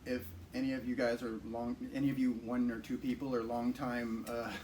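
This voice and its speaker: A man's voice: medium pitch, little pitch movement, brisk, darkish tone. A man in his forties co-hosting a podcast, laid-back and joking, swearing freely. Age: 40s. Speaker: podcast co-host. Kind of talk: casual chat. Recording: distant mic with faint noise.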